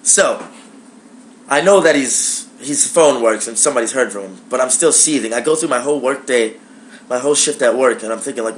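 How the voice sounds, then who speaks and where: Animated, profane young male storyteller. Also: mid-range voice, brisk, a little hiss or hum. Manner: animated, profane, acts out dialogue. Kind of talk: casual personal storytelling to camera.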